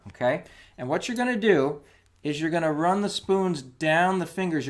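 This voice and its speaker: Patient man teaching a lesson. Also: on the high side. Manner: patient, counts beats aloud while demonstrating. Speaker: music teacher. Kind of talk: instructional video lesson. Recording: clicking spoons heard behind. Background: clicking of spoons.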